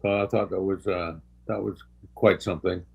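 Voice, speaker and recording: An older man with a fairly low voice, a guest sharing anecdotes in a relaxed, unscripted way. He pauses, backtracks and restarts often, and his stories can turn emotional. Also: vocal fry, slightly rough. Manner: halting, with many pauses and restarts; gets emotional while recovering. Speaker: special guest. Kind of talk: casual anecdotal storytelling.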